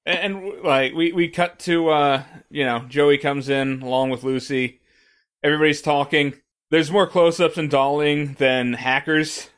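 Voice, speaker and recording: A man's voice: a little high, steady tone, unhurried, a bit bright, smooth. A man from Missouri co-hosting a podcast, chatting casually, joking and swearing with stammering restarts. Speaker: podcast co-host.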